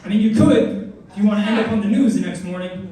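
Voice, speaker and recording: Brief: twenties male comic, very high voice, rambling and crude, echoey club with laughing crowd. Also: fast, distant mic. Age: 20s. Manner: rambling, self-mocking, crude. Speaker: stand-up comedian. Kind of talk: stand-up comedy set. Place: comedy club stage. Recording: echoey club, mic heard from afar, crowd noise. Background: audience laughter.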